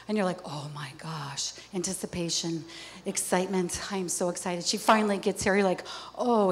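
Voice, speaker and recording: A woman speaking on a theater stage, giving a motivational talk and acting out little scenes as she goes. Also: medium pitch. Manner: lively, acts out little scenes.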